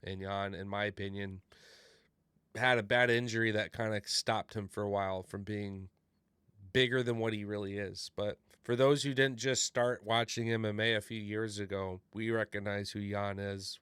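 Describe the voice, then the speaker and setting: A man's voice: lowish voice, little pitch movement, moderate pace, fairly bright tone, smooth, no room sound. A man co-hosting a fight podcast, giving opinionated predictions with swearing and sweeping asides. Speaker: podcast co-host. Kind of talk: casual sports banter.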